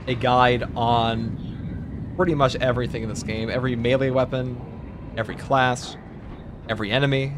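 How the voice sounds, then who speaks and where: A man's voice: mid-range voice, background noise. A man streaming a game, chatting casually and rambling with jokes and fillers. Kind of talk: casual live-stream chat over gameplay.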